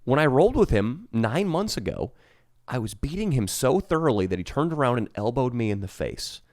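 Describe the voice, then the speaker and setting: A man's voice: medium pitch, big pitch swings, a little fast, darkish tone, no room sound, clean studio sound. A young man co-hosting a podcast who chats casually and tells boastful, comically escalating stories. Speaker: podcast co-host. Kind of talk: casual chat.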